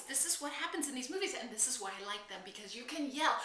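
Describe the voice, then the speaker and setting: A woman talks excitedly about movies straight to camera, her bright, high voice leaping up and down as she gushes. The sound is roomy and a little distant from the mic, and she chats with easy, animated energy. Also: a little fast. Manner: gushing, animated, chatty. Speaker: film vlogger host. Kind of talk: excited casual film chat to camera.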